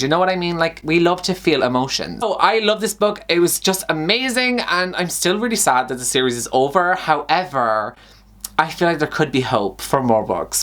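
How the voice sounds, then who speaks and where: A man's voice: fairly high pitch, fairly bright tone. A young man chats through a book review vlog in an effusive, gushing way. He talks in a chatty style and often sighs between his thoughts. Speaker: book vlogger.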